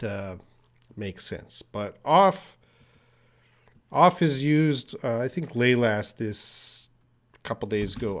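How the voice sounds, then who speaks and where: A man teaching English on a live stream, answering viewer questions and explaining with many pauses and fillers. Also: medium pitch.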